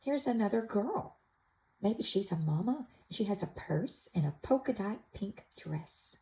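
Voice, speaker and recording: A woman gently showing an activity book to toddlers, naming pictures in a soft, sing-song way. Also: mid-range voice, animated, unhurried, slight background noise, low-quality recording. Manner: soft, sing-song, with playful animal sounds. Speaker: toddler class teacher. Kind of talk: slow, gentle show-and-tell for toddlers.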